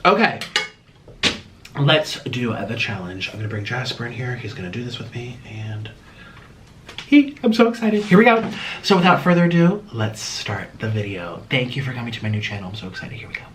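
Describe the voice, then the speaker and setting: Give me a lively, dramatic man hosting a mukbang vlog, moving from mumbled asides to excited yelps. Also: mid-range voice, normal speed, slight background noise. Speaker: mukbang vlogger. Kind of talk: casual eating vlog chat.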